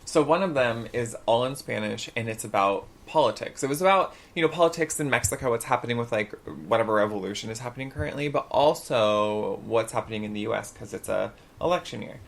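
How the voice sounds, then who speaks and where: A man's voice: mid-range voice, quick pace, creaky, hardly any pauses. A man co-hosting a casual podcast, telling stories animatedly and acting out quotes. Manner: animated storyteller, acts out quotes. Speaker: podcast co-host. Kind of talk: casual chat.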